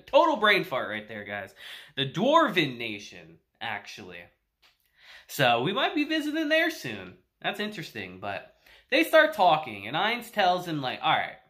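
A man's voice: on the high side, bright, forceful tone. A man casually reviewing an anime episode, laughing often, swearing, and acting out quotes.

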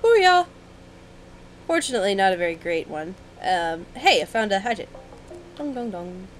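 A young woman giving casual, excitable commentary while playing a video game, with sudden yelps and running chatter. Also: medium pitch, fairly quick, soft background music, poor audio. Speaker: let's play gamer.

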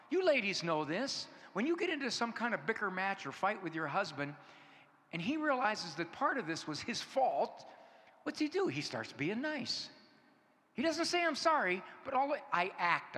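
Bright and lively, a man in his fifties tells funny stories to a conference audience, voicing the dialogue with animation. His pitch runs on the high side, and the big hall echoes with a little faint noise.

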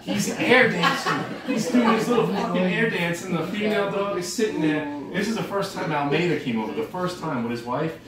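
Brief: man, slightly high voice, off-mic in a very echoey room with a crowd, cussing and laughing through stories. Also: fairly quick, hardly any pauses, far from the mic. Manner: profane, laughing, rambling. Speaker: dog owner telling stories. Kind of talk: casual storytelling tribute.

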